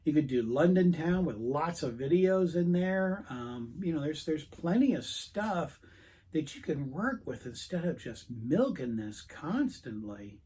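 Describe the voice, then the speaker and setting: Fairly high, very animated, a little slow, mellow, and husky, this man's voice carries a casual rant to camera on his record collecting channel. He rambles through a frustrated story packed with quoted dialogue.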